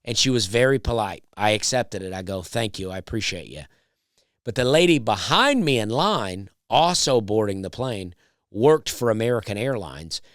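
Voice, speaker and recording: A man with a smooth, low baritone tells a story in an easygoing, rambling way and slips in wry asides. He sounds like a comedian chatting on his own podcast. The sound is close and dry, with no room around it. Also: fairly bright tone, no echo. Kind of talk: casual storytelling monologue.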